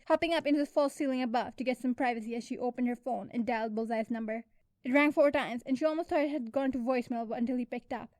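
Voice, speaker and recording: A woman's voice: a little high, steady tone, quick pace, a little mellow, no room sound. Young woman reading fanfiction aloud. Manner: casual storytelling with occasional slips. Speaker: fanfiction reader and writer.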